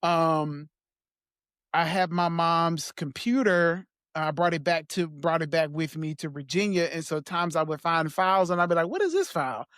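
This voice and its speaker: A man as a podcast guest, talking in a soft, halting way with small laughs as he reflects on personal memories. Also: fairly high pitch, steady tone, clear, resonant tone, no room sound, clean studio sound.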